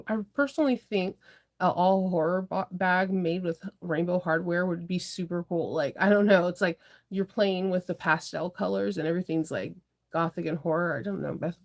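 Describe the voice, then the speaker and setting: A young adult woman with a lowish voice, speaking at normal speed, hosts a casual sewing livestream. She owns a sewing shop and chats with viewers in a rambling way, laughing often.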